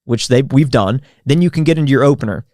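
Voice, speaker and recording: A man's voice: medium pitch, quick pace, darkish tone, no echo, clean studio sound. A man who is a sales expert, giving direct, step-by-step advice in an interview. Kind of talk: instructional interview answer.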